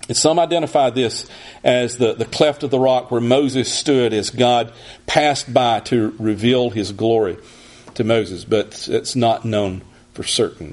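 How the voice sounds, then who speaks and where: Man, sermon, husky, measured, mid-pitched. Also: a little mellow. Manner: measured teaching, with frequent restarts. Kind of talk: expository sermon.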